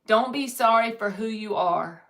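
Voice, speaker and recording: A woman's voice: a little high, unhurried, fairly bright tone. A woman giving a live-streamed tarot reading, reading viewers' comments aloud and answering them in an upbeat, encouraging way. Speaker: tarot reader.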